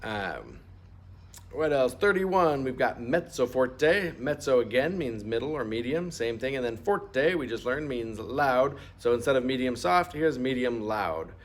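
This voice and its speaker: A man's voice: medium pitch, animated, unhurried. A middle-aged man teaching a music lesson, patient and explaining step by step, asking students to repeat terms aloud. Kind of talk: instrument lesson walkthrough.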